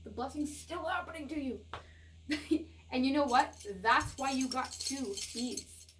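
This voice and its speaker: A young adult woman from Canada giving a casual tarot reading straight to viewers, laughing often and repeating herself in her excitement. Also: sits high, unhurried, slight background noise. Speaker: tarot reader.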